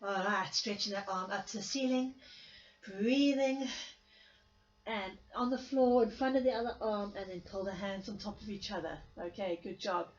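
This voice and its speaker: A woman teaching a Pilates class after an illness, giving gentle step-by-step cues with a coughing spell now and then and some self-mocking laughter. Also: medium pitch, moderate pace, reverberant, dull audio, soft background music. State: recovering from illness, coughing at times. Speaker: Pilates instructor. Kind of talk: guided exercise class cueing.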